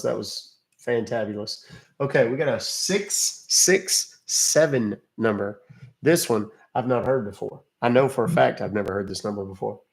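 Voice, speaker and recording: A man with a gravelly voice hosts a live stream in a loose, chatty way, cracking jokes and swearing offhandedly as he talks to his viewers. His voice sits at an ordinary pitch, with a rough fry running through it. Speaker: livestream host calling scammers. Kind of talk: casual livestream chat.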